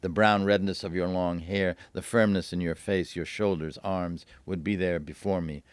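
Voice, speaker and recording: A man reading aloud from his own novel at a bookstore event, lively, lifting his voice for the dialogue. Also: clean tone, no echo. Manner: lively, voices the dialogue with raised pitch and quick asides.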